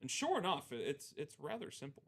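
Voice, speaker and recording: With a slightly high, brisk voice carrying vocal fry and a breathy edge, a man in his twenties co-hosts a live sports card break. He chats casually and tells animated stories, acting out the quotes.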